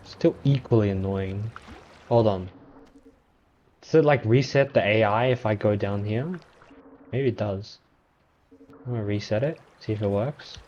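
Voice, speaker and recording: A man giving gameplay commentary, reacting loudly and talking to the creatures he meets on screen. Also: on the low side, unhurried, pauses often, dull audio, slight background noise. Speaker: gameplay streamer.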